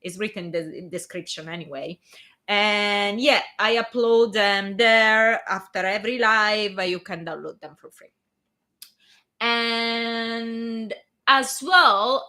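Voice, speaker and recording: A young adult woman with an Italian accent hosts a fanfiction reading channel, chatting casually with listeners before a live reading. Her mid-range voice is bright and forceful, and her chatty delivery is full of restarted sentences and filler words.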